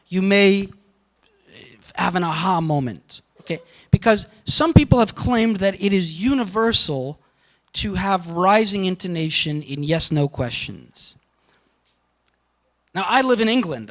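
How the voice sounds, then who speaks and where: A man giving a university lecture, animated and often checking in with the class. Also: sits high, rough recording.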